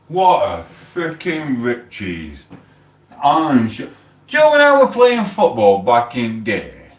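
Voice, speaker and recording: His pitch swoops wildly around a mid-range voice as this middle-aged Englishman, South Yorkshire accent and all, chats slowly on a livestream. Blunt, swearing and mock-outraged, he is recorded from a distance in a roomy-sounding space.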